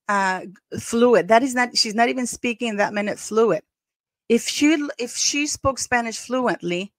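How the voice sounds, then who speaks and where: A woman's voice: on the high side, dry recording. A middle-aged woman hosting a commentary vlog, talking bluntly and scornfully straight to her viewers. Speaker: commentary channel host.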